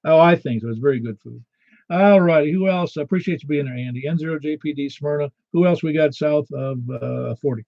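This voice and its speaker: A man's voice: a little high, fairly quick, vocal fry, no echo, dull audio. A man in his sixties from Niagara Falls, New York, hosting a ham radio net in a casual, self-deprecating, storytelling way. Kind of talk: casual on-air radio chat.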